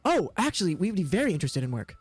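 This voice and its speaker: A big male orc who speaks with unexpected courtesy, every phrase formal and gracious, as a man puts him on at the game table. The voice sits fairly high and is recorded close and dry, with faint music underneath. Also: big pitch swings, very fast, breathy edge, no room sound, exaggerated voice. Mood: polite. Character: surprisingly polite, well-spoken male orc.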